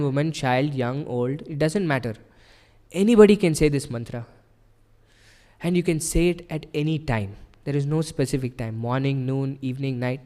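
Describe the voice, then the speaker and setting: In a big-room sound, a man with a mid-range voice gives a devotional sermon at a temple hall. Earnest and patient, he lays out his points and frequently checks in with a rhetorical "right?"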